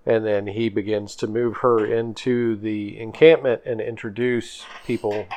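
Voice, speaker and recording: A man's voice: fairly low pitch, fairly even intonation, measured pace, few pauses, a little mellow. A man narrating as game master of a tabletop game, casual and hesitant with fillers.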